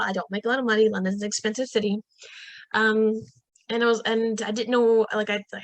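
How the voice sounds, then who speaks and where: A fairly high-voiced young woman tells a story as a podcast guest, casually and with plenty of restarts. She brings quoted lines to life with bursts of higher pitch. The sound is dry and close, with no room around it. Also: steady tone, brisk, a bit bright, no room sound. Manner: frequent fillers and restarts.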